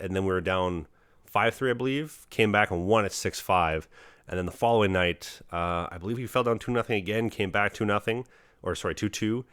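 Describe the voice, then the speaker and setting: Brief: young male podcast host, low voice, rapid earnest delivery, dry close mic. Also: a bit bright, smooth, no room sound. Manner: earnest, rambling, motivational, fast with fillers. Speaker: podcast host, hockey goalie. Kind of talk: casual podcast chat.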